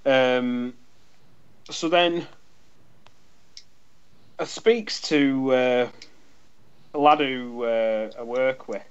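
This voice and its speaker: An English podcast co-host tells a rambling anecdote in casual chat, swearing freely and playing both sides of a conversation. His mid-range voice is clear and resonant, very slow with frequent pauses, though the recording is muffled.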